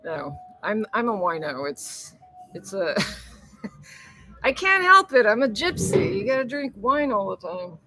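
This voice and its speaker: A woman's voice: medium pitch, very animated, a little slow, pushed and bright, faint music behind, poor audio. A woman hosting a casual live stream, rambling and chatty, laughing often and swearing freely as she reads viewer comments.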